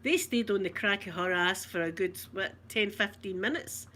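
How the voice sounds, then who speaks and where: A woman's voice: mid-range voice, normal speed, fairly bright tone, a little hiss or hum. A Scottish woman from Scotland in casual live chat, talking to viewers, laughing often and reading out their comments. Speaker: vlogger.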